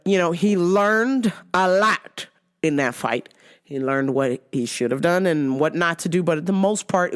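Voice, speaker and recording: Animated, foul-mouthed woman host. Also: mid-range voice. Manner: animated, swears constantly, laughs often. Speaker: show host. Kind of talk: casual profane recap chat.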